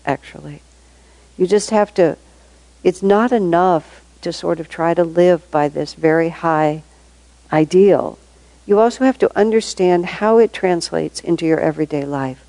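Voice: mid-range voice, vocal fry, warm tone, no room sound, low-quality recording. A spiritual teacher giving a reflective talk to devotees, thinking aloud with restarts and repeated words, chuckling between points. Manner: thoughtful, halting, frequent restarts and repeated words.

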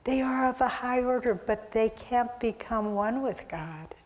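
A woman's voice: on the high side, a little slow. A woman spiritual teacher giving an earnest, exhortative sermon, recorded with long hall reverb.

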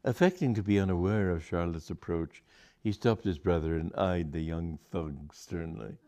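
A man's voice: low voice, moderate pace, warm tone. A man reading a comic story aloud to an audience, with a dry, wry delivery.

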